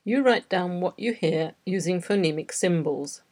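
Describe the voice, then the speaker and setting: A woman in her fifties, a teacher reading a dictation exercise slowly and deliberately, word by word. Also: lowish voice, expressive, darkish tone.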